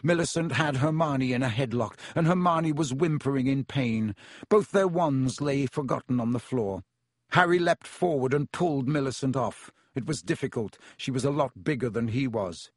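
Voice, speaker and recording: A man narrating an audiobook in a measured storytelling manner. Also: medium pitch, breathy edge, dry recording, clean studio sound. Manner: measured storytelling with voiced characters.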